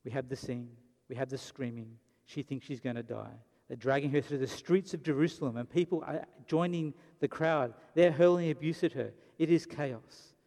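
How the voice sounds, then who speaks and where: A man's voice: medium pitch, normal speed, few pauses, a little mellow. A man preaching a sermon, telling the story dramatically and briefly acting out the lines of the people in it. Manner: dramatic storytelling, acts out quotes. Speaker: pastor. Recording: long reverb of a hall.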